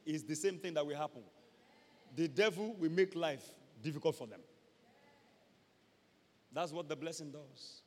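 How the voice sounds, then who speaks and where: A man with a Nigerian accent preaching a sermon, acting out scenes and breaking into loud shouts. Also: on the high side. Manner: dramatic, acts out scenes, switches to loud shouts. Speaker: pastor. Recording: echoey hall with long reverb.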